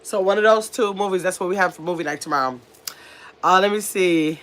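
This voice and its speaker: Speaking a little fast in a lowish voice, this woman hosts a casual livestream from home. Dressed in pajamas, she chats with her viewers and reads their comments out.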